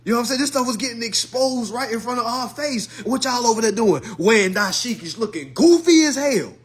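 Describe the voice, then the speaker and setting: A social media commentator with an extremely high-pitched, fairly bright voice talks fast in a profane, mocking monologue aimed at his followers. He uses blunt slang and repeats his retorts.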